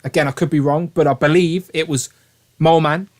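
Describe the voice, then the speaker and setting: A man's voice: on the high side, steady tone, brisk, a little mellow. A man hosting a toy review livestream in casual, jokey chat, laughing often.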